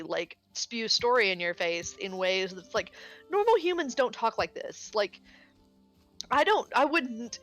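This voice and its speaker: A woman talking casually while playing a game on stream, chatty and expressive, often pausing on "um" and tossing in a mild curse. Her pitch sits at a middling level for a woman. Faint music plays underneath. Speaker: streamer co-host. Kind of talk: casual chat while gaming.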